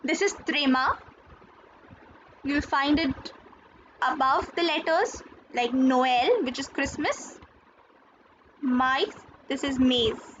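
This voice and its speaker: A woman gives a patient, unhurried lesson in a high voice, saying each word and then repeating it. She spells things out carefully. The recording is dull and lo-fi with a faint hiss behind her. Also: a bit bright. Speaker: French teacher. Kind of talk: slow classroom explanation.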